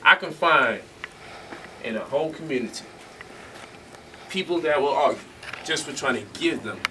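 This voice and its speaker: A man telling stories to a live audience in an animated, joking way, laughing often. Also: medium pitch, normal speed. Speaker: speaker. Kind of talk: storytelling lecture. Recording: distant mic with faint noise.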